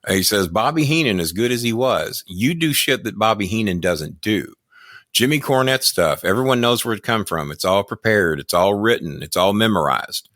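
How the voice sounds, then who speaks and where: Older American man, profane storyteller, low pitch, boastful casual chat. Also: lively intonation, moderate pace, fairly bright tone, no room sound, clean studio sound. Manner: profane, boastful, rambling anecdotes. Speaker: podcast guest, former wrestling manager.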